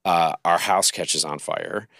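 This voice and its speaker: Man, 50s, singer guest, very low voice, dry close sound, earnest storyteller. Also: fairly bright tone, no echo. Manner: earnest, unhurried, with many fillers. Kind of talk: interview storytelling.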